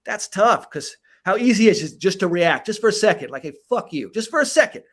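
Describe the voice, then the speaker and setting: A man's voice: high-pitched, fairly quick. A man hosting a podcast as a coach, talking in a casual, emphatic way that is full of swearing. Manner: emphatic, profane, animated delivery. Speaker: podcast host and performance coach.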